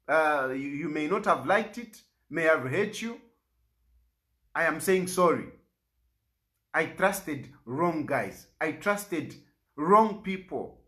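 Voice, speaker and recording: With a high-pitched and slightly bright voice, a Zambian opposition politician pleads passionately in a public statement, his tone aggrieved. He says lines again and again for emphasis.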